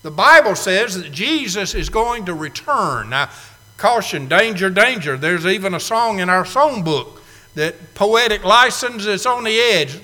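A man preaching a folksy sermon to a congregation, swinging from loud declarations to hushed asides. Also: sits high, lively intonation, unhurried. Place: church sanctuary. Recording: long reverb of a church hall.

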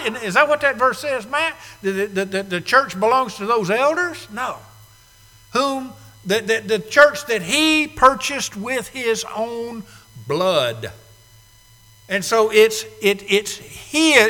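A man preaching a sermon, emphatic, swinging between quiet asides and loud declarations. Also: sits high. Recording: long reverb of a large hall.

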